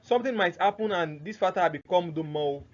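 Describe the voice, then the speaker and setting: A man teaching Arabic grammar in a recorded lesson, often asking rhetorical questions and repeating words slowly. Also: sits high. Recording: dull lo-fi recording with faint noise.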